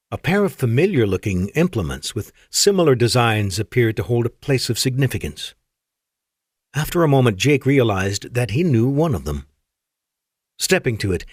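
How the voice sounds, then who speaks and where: A man narrating an audiobook in a measured, descriptive storytelling manner. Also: medium pitch, no echo, clean studio sound.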